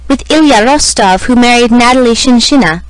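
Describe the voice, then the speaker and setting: A woman voicing a middle-aged aristocratic mother who is anxious, imploring and gently insistent. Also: fairly high pitch, moderate pace, clean tone, no room sound, close to an everyday voice, poor audio.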